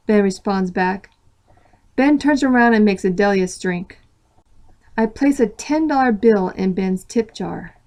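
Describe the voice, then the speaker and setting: A woman reading a story aloud in expressive first-person narration. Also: mid-range voice, unhurried.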